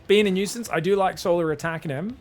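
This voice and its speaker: An Australian man giving casual solo play-by-play commentary on an esports match, chatty and thinking aloud, getting excited on big plays. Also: high voice, fast talker, soft background music. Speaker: esports caster.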